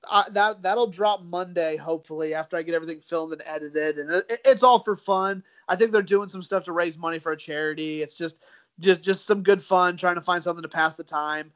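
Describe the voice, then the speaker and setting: A man's voice: on the high side, fairly quick, fairly bright tone. A man talking casually as a guest, easygoing and given to repeating words, calling the host dude and man. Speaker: sports podcaster guest. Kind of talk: casual chat. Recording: slightly dull lo-fi sound.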